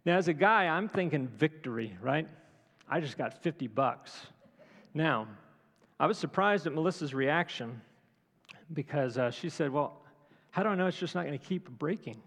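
A middle-aged male pastor with a gravelly edge and a slightly high-set voice tells a story from the pulpit. He keeps it conversational and wry, turning to his listeners for agreement, and the sound trails off in a long hall reverb. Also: animated, moderate pace, a bit bright. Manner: conversational, humorous, asks the audience "right?". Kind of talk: sermon storytelling.

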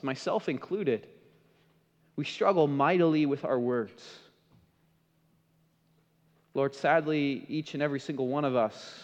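A man preaching a sermon as pastor, swinging between impassioned emphasis and hushed, softened passages. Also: medium pitch. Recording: dull sound with long hall reverb.

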